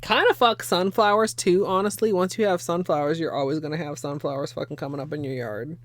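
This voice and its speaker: A woman's voice: deep voice, brisk. Chatty, cussing young woman streamer. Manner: chatty and profane, laughs often, thanks viewers. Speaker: livestreamer. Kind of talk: casual livestream chat while doing a manicure.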